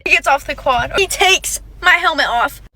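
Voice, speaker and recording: Brief: young woman, very high and bright voice, casual storytime, dramatic and chatty. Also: normal speed. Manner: dramatic, emphatic, chatty with fillers.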